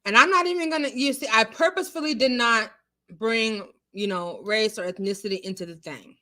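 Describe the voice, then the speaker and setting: A woman with a fairly high voice hosts a casual live stream, talking a little fast. She's chatty and animated, laughing often as she answers viewers' comments and talks back to chat.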